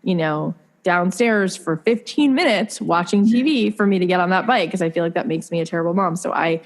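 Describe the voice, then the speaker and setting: A woman's voice: on the low side, a little fast. A woman in her thirties, a podcast guest, telling candid personal stories in an earnest, confiding way with many likes and restarts. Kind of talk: candid conversational storytelling.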